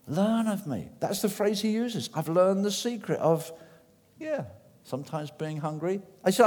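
Male preacher, lively rising and falling delivery, slightly high voice, long hall echo. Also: unhurried. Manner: animated, acts out quoted voices, shifts from loud to hushed. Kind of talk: sermon.

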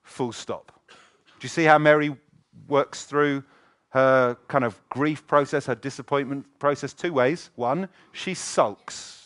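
A middle-aged man preaching a lively sermon in a church, often acting out the voices of the people he quotes. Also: mid-range voice, a little slow, dry recording. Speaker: pastor.

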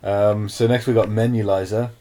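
A man co-hosting a casual comedy chat, pitching silly app ideas in a deadpan way and laughing often. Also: moderate pace. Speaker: podcast co-host.

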